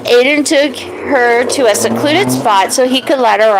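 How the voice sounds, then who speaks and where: A woman telling a children's story in a gentle, animated way. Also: unhurried, creaky, over music, rough recording. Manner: gentle, animated, high voices for the characters.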